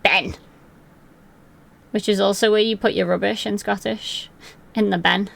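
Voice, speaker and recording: Rambly young woman with a gravelly voice. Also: medium pitch, fairly even intonation, unhurried. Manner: chatty, rambling, answers chat by name. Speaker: live streamer. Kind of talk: casual live-stream chat. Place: her room at home.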